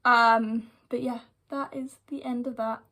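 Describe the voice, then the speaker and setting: A young woman with a slightly high voice tells a story from her school days in a storytime vlog. She talks casually and directly to her viewers, and drops "like" all through her sentences. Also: level tone, measured pace, pushed and bright. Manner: chatty retelling full of "like" fillers. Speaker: vlogger.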